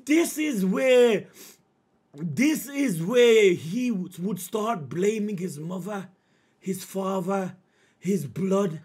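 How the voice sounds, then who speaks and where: A man streaming a live manga reaction, emotional and slangy, swinging between shouting and low muttering. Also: animated, slow pace, husky.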